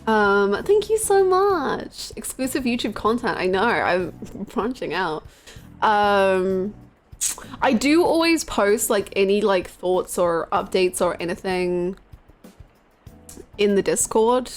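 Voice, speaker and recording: A woman's voice: medium pitch, slow pace, soft background music. A woman streamer chatting casually and rambling, giggling as she gushes over a game character. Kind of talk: casual live-stream chat.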